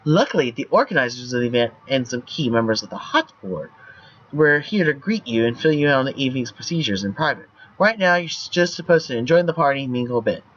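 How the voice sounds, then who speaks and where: A man's voice: mid-range voice, lively intonation, quick pace, fairly bright tone, lo-fi sound, slight background noise. A man streaming, reading a choice game's text aloud in a playful way with banter. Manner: playful, laughs at the lines.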